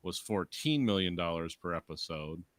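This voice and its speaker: A man's voice: deep voice, lively intonation, normal speed, a bit bright, dry recording. A man co-hosting a podcast in casual chat, reeling off facts with hesitant fillers. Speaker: podcast co-host.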